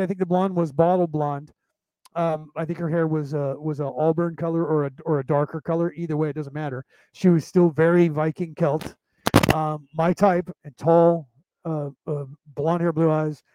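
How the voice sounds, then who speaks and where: A man's voice: on the high side, mellow, dry recording, low-quality recording. Rambling, profane middle-aged man. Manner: rambling, profane, with many restarts. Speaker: podcast host. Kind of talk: casual storytelling monologue.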